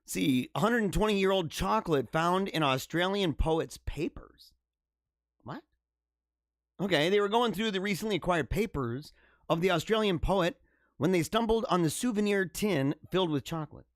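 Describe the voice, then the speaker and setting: Dude with a high voice hosting a livestream, jokey and rambling, dry mic. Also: male voice, animated, moderate pace, dry recording. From United States. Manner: rambling, joking, chuckles often. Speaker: livestream host. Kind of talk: casual commentary reading news.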